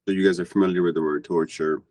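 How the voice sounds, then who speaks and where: Urdu-native man teacher, very deep and dry, halting delivery. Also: fairly even intonation, a little mellow, no room sound. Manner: halting, restarts mid-phrase. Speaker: class host and teacher. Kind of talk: guiding a language lesson.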